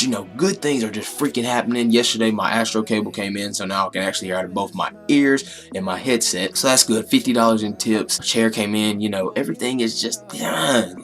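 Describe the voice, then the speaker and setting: A young man in his late teens with a fairly low voice tells stories from his job in a loose, slangy vlog chat. He talks casually, with plenty of restarts. Faint music plays underneath. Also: a bit bright. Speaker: vlogger.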